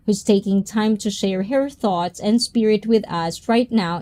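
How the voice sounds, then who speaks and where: A woman's voice: mid-range voice, measured pace, hardly any pauses, warm tone. A young woman, hosting a casual livestream chat in a bubbly, giggly way. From Japan and the Philippines. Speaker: livestream host.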